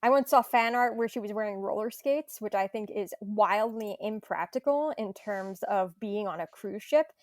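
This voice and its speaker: A woman's voice: mid-range voice, normal speed, few pauses, no room sound. A woman from an audio drama cast talking through a character and asking a thoughtful interview question. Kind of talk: casual remote interview.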